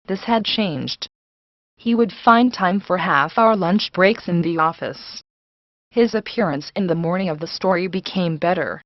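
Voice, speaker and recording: A woman giving a steady, unhurried read-aloud of a novel as an audiobook narrator, in a dull, lo-fi recording. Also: on the low side, dry recording.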